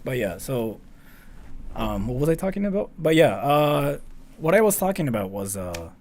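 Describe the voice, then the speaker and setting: A man from Japan hosting a live stream, chatting casually and reading donations in a rambling, excitable way with frequent mild swearing. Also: mid-range voice, moderate pace. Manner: animated, rambling, swears mildly and often.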